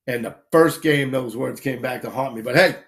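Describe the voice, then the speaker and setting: A man casually telling animated anecdotes on a live stream, acting out quick voices as he goes. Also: medium pitch. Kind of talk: casual storytelling.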